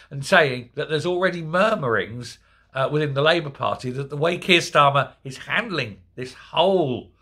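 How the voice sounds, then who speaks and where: A man's voice: mid-range voice, pushed and bright, breathy edge. A man delivering an indignant, sarcastic political commentary monologue. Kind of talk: ranting monologue.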